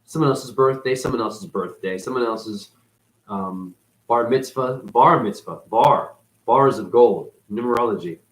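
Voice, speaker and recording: A man rambling through a profane spiritual monologue, dropping to mutters and then jumping up in excited bursts. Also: medium pitch, measured pace, low-quality recording. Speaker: spiritual video host.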